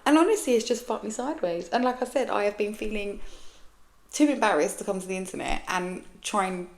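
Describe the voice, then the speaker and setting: A woman's voice: medium pitch, fairly quick. A woman in her forties, hosting her own podcast, talks frankly and emotionally in a blunt, sweary monologue. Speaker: podcast host. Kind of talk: candid personal monologue.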